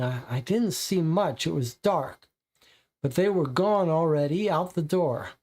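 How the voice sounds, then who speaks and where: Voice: medium pitch, a little mellow, natural voice. A reader voicing a nervous, frightened teenage boy witness who stammers and stumbles over his words. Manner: halting, stammering.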